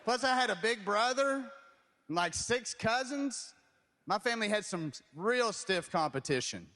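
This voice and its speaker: A man's voice: high voice, expressive, measured pace, pushed and bright, big-room sound. A man doing a dry, self-deprecating stand-up set. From Eastern Kentucky. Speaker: stand-up comedian.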